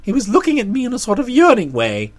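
A woman narrating a comic story in an audiobook, with lively storytelling. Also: a little high, fast talker.

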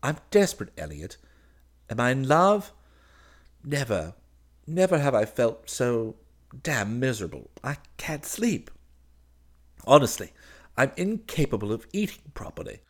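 A man's voice: on the low side, huge pitch swings, measured pace, a little mellow, exaggerated voice. A man voicing a lovesick young male art student who pleads in a plaintive, rising voice. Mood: pleading. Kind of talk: audiobook character reading.

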